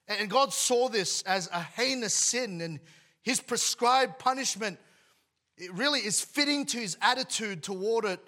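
Guy preaching a sermon, high-pitched, sharp bright tone, stops and restarts a lot. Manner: emphatic preaching, voice dropping at phrase ends; restarts words, addresses congregation directly. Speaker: pastor.

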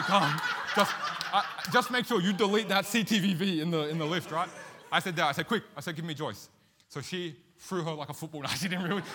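Animated man preaching. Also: mid-range voice. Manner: animated, self-mocking storyteller. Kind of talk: sermon with storytelling.

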